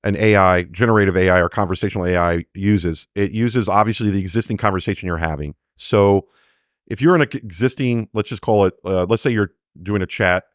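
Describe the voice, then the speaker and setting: A man with a fairly low voice talks through how technology works as a guest on an interview. He loosens up into chatty asides and acts out little quoted exchanges. The sound is dry and close, with no room around it. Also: brisk, no room sound. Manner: explains with quoted examples, many fillers. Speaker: AI developer guest. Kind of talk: conversational interview explanation.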